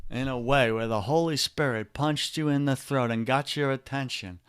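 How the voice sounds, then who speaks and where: A man with a New York accent, speaking as a podcast guest and men's coach in an energetic, preachy way, often calling the listener brother. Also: mid-range voice, moderate pace, clear, resonant tone, dry recording, clean studio sound. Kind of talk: energetic motivational talk.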